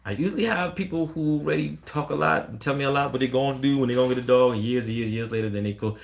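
A man, a dog breeder answering questions on a casual live stream, blunt and animated, quoting callers in a raised voice. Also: medium pitch, racing, gravelly, hardly any pauses.

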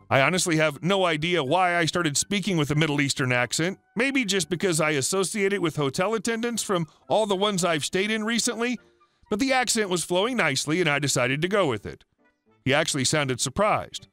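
Bright-voiced male story narrator. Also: on the high side, animated, brisk, no room sound, faint music behind. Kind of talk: scripted narration of a reddit story.

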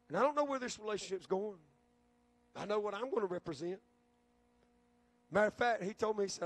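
A man's voice: high-pitched, expressive, fast, long pauses. A male pastor preaching a sermon in a folksy storytelling way, often repeating words as he restarts a phrase.

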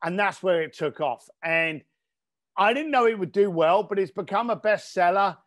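Man from East London, high voice, blunt, emphatic, guest storyteller, middle-aged. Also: normal speed, fairly bright tone. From East London, England. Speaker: guest entrepreneur and author. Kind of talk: casual interview storytelling.

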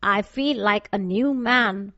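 A woman voicing a gentle, friendly male scarecrow who speaks slowly and earnestly in a storybook reading. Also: mid-range voice, dry recording. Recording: dull dry lo-fi recording.

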